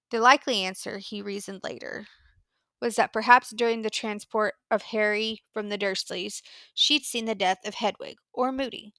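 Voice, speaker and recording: A woman narrating a fan fiction audiobook in a measured, earnest storytelling voice. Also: medium pitch, bright, forceful tone, no echo. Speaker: audiobook reader.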